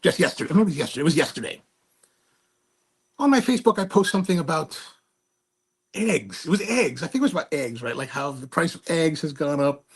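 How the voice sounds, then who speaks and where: A man's voice: a little high, sing-song, quick pace, long pauses, husky. A man hosting his own show, telling a rambling, snarky story with many restarts. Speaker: host. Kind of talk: casual monologue.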